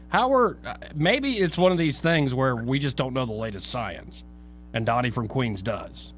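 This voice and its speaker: Man, radio host, wry, dry delivery, animated intonation, faint hum. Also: mid-range voice, normal speed. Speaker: radio talk show host. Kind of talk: casual talk radio.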